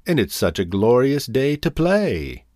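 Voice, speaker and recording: A man's voice: mid-range voice, sing-song, measured pace, darkish tone, no echo, studio quality, voice pushed up. A man voicing a playful, lazy male grasshopper in a storybook reading, with a coaxing singsong manner. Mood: teasing.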